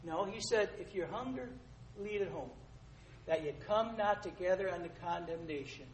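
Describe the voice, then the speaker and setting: A man preaching a sermon, emphatic and rising to loud rhetorical questions, addressing listeners as dear ones. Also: high-pitched, lively intonation, normal speed. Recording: echoey room, faint noise.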